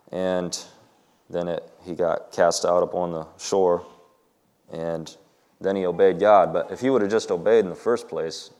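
A man's voice: low-pitched, a little mellow, clean tone. A man reading a story aloud to a group, then talking informally and hesitantly about Bible stories, with many ums and restarts.

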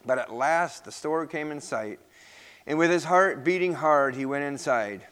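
A man with a slightly raised voice reads a story aloud to children. He tells it gently and sums up the moral. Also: fairly high pitch, animated, a little slow, smooth, long reverb tail. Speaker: children's story leader at church.

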